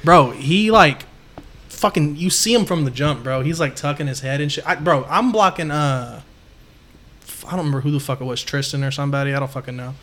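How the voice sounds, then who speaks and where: A young man, telling profane high school football stories in casual chat. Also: brisk. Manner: profane storytelling with loud quoted voices.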